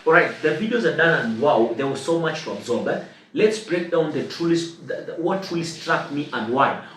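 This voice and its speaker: A man from Kenya hosting a reaction video, breaking clips down in a measured, explanatory way. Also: a little high, lively intonation, fairly bright tone. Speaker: reaction channel host. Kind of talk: reaction commentary. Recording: echoey room, mic at a distance, faint hiss.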